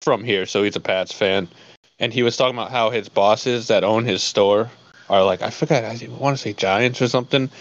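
A man's voice: on the low side, normal speed. A man co-hosting a podcast, chatting in a laid-back, joking way. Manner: laid-back, laughing, swears when quoting. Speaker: podcast co-host. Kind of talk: casual chat. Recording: dry, dull lo-fi sound.

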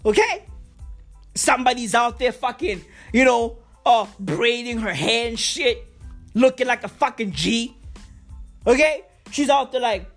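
Hyped woman ranting loud for a vlog, cussing a lot, drawn out and slow, bit high. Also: animated, soft background music. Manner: loud, swearing, hyped and repetitive. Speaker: vlogger. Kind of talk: casual comedic rant.

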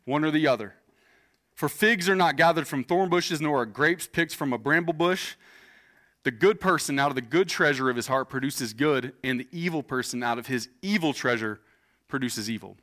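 A man's voice: on the high side, normal speed, fairly bright tone. A man in his thirties, a pastor preaching a sermon in a casual, joking way, telling personal stories to a church congregation. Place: church stage before a congregation.

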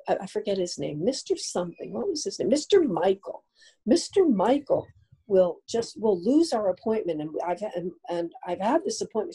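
Older woman from New Jersey, outgoing storyteller, husky dark voice. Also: medium pitch, rough recording. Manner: chatty, animated storyteller. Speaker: psychic guest. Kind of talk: casual interview storytelling.

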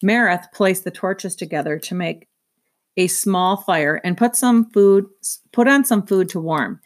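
A woman reading a children's novel aloud, in a steady storytelling manner. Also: fairly low pitch, unhurried. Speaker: reader. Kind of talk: children's book read-aloud.

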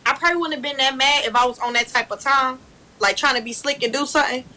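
Young woman, casual storytelling, animated, laughing, high pitch. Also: fast talker, poor audio. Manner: animated, laughing, acts out quotes loudly.

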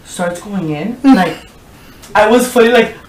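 A woman's voice: mid-range voice, expressive, a little slow, recorded from a distance, noisy background. A young woman telling a story in casual chat, laughing often, swearing freely and filling her speech with "like". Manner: laughing, profane, lots of filler "like". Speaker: podcast guest telling a story. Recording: echoey room, voice from the mic.

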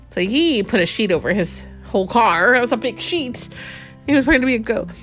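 A woman reading a picture book aloud to a child at home, slowing down for the story lines and chatting about the pictures in between. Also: a little high, soft background music. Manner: animated, slows down for the read-out lines and chats about the pictures.

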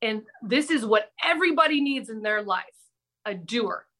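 Podcast guest, woman, middle-aged, higher-pitched, ex-reporter, lively breathless storyteller. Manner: animated, breathless anecdote-telling with dramatic pauses. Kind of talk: casual storytelling.

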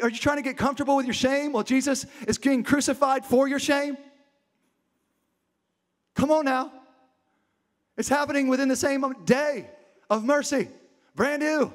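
A man's voice: extremely high pitch, fairly even intonation, normal speed, long pauses. A man preaching a dramatic sermon to a congregation, acting out the story in different voices and building to passionate peaks. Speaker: pastor. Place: church hall with a live congregation.

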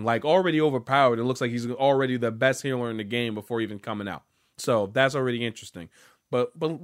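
A young man ranting casually as a gaming vlogger, rambling and profane. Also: medium pitch.

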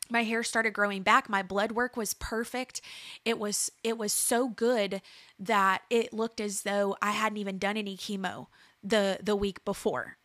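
A woman's voice: medium pitch, bright, forceful tone, no echo. A woman in her thirties giving an earnest preaching testimony, building emphasis through repeated phrases. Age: 30s. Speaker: speaker sharing a faith testimony.

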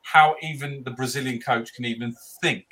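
Bright-voiced blunt man. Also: mid-range voice, steady tone, normal speed. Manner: blunt, rambling, stammers and restarts. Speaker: podcast panelist. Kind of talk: casual chat.

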